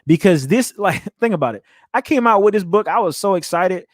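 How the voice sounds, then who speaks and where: A man's voice: high-pitched, fairly quick, dry recording, studio quality. Earnest man hosting a motivational podcast. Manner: earnest, animated, laughs often, repeats words. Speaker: podcast host. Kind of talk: motivational solo podcast talk.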